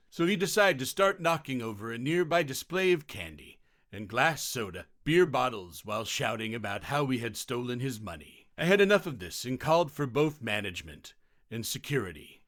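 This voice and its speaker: A man reads out customer-service tales in a scripted narration style. His pitch swings widely from phrase to phrase, and the recording is close and completely dry. His voice sits in a middle register. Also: sing-song, normal speed, a bit bright, no echo. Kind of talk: scripted narration of reader stories.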